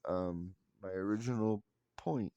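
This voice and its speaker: Low-voiced rambling man in his forties. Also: measured pace, warm tone, clean tone, no room sound, dull audio. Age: 40s. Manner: rambling, profane, wry self-mocking. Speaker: vlogger. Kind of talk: casual storytelling monologue.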